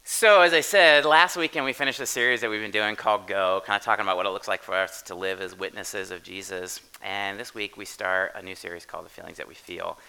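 A man's voice: fairly low pitch, fairly even intonation, a little fast, gravelly, few pauses, pushed and bright, smooth. A man in his thirties, a pastor telling a story in a chatty, casual sermon and often asking "right?".

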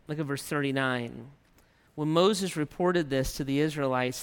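A man's voice: fairly high pitch, steady tone, a little slow, clean tone. A man preaching a sermon, reading scripture aloud and then retelling it in his own emphatic words. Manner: reads scripture then paraphrases God's voice with emphasis. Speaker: pastor. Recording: reverberant hall.

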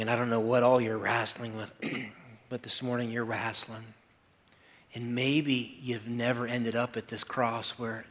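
A male pastor giving a sermon in a church service, with slow, emphatic, pleading phrasing and repeated lines. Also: medium pitch, a bit bright.

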